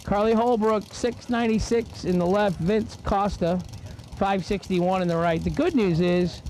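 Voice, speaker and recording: A man's voice: sits high, steady tone, measured pace, low-quality recording. A man announcing drag races, rattling off lanes and times with joking asides. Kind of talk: race-call commentary with joking asides. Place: drag strip. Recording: loud race-car noise behind. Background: cars and engines at the track.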